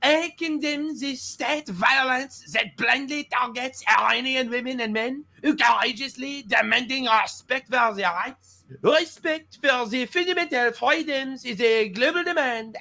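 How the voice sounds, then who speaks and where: A man's voice: very high voice, huge pitch swings, fast talker, hardly any pauses, pushed and bright, pitched above the performer's own voice, full character voice. A man putting on the voice of a prissy, smug mock-French male politician, drawn out and mincing.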